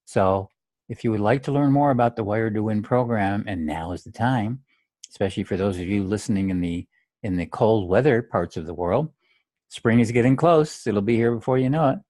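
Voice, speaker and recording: Blunt, low-voiced man coaching golfers. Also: brisk, a little mellow, dry recording, studio quality. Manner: blunt straight talk, demonstrates phrases aloud. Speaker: golf mental game coach. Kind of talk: direct instructional monologue.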